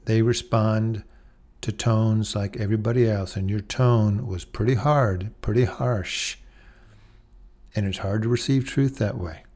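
A middle-aged man preaching a sermon as a pastor. He talks plainly, slows right down to stress key words, and now and then acts out scenes in a raised voice. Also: on the low side, fairly even intonation, darkish tone. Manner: slow, deliberate emphasis on key words; acts out dog-talk and scolding in a raised voice.

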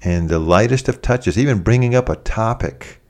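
A man preaching a sermon, animated and conversational, acting out quoted voices as he speaks. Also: lowish voice, moderate pace.

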